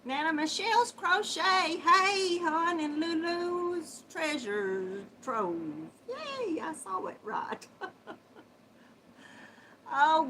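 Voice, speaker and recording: A woman's voice: high-pitched, a little hiss or hum. A middle-aged woman, hosting a casual livestream and greeting viewers with sweet endearments and frequent laughs. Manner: warm Southern endearments, chatty, laughs often. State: runny nose. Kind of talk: casual live chat.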